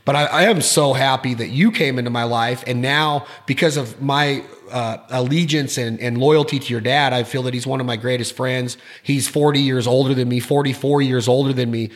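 A man's voice: mid-range voice, fairly even intonation, normal speed, hardly any pauses. Man, podcast host, casual interview, rambling, enthusiastic, repeats words.

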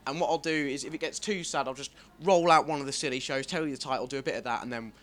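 A man performing a self-deprecating stand-up comedy set on a club stage, swearing freely and jumping into squeaky voices for his bits. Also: rapid-fire, a bit bright.

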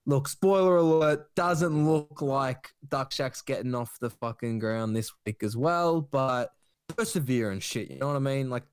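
A man's voice: medium pitch, a little slow, clear, resonant tone, no echo, clean studio sound. A man with an Australian accent hosting a comedy podcast, crude and rambling in casual chat. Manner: crude, rambling, laid-back. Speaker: podcast host.

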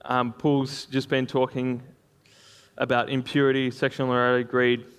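A man's voice: mid-range voice, completely flat delivery, normal speed, clear, resonant tone. A man preaching a sermon in a conversational way, with frequent fillers and small laughs.

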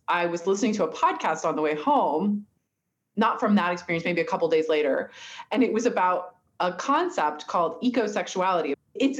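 A woman telling a personal story in an earnest, heartfelt way, with many fillers. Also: a little high. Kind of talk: reflective storytelling. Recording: dull lo-fi sound.

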